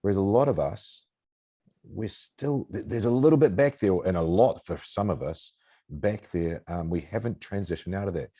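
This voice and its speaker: A man hosting a podcast, speaking reflectively and haltingly as he searches for his words. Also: low voice, animated, warm tone, slightly rough. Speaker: podcast host. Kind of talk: casual interview conversation.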